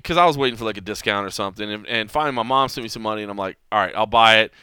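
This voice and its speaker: A man in his forties hosting a podcast, telling stories in a rambling, animated way with frequent restarts. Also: on the low side, racing, clear, resonant tone, no echo. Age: 40s. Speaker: podcast host. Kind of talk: casual chat.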